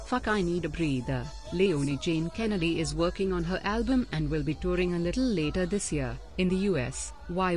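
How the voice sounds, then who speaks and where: A man reading out show listings for a podcast in a brash, swearing promo style. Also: sits high. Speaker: podcast host reading announcements. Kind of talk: profane promo read.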